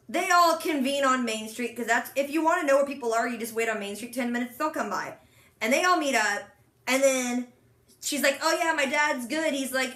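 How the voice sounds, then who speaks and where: A young woman talks through a TV episode in casual chat. She has a high, bright voice and leaps into little quoted voices as she retells each scene. The room around her is echoey. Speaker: podcast co-host recapping a TV episode.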